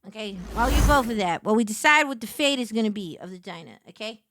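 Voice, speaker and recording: A woman with a New York accent, chatting casually with her stream viewers, animated and quick to laugh. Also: a little high, over loud music. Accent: New York City. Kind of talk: casual live-stream chat while picking a game.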